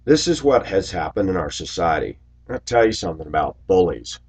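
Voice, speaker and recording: A man in his forties telling stories in a rambling monologue to his viewers, raising his voice loudly when he acts out what people said. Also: low voice, very animated, brisk, husky. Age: 40s. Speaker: video blogger. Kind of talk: casual monologue to camera.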